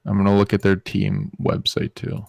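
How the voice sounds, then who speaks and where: A young man co-hosting a podcast, talking casually and sounding a bit flat and disappointed. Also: fairly low pitch, moderate pace, gravelly, no echo. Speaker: podcast co-host. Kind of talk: casual esports chat.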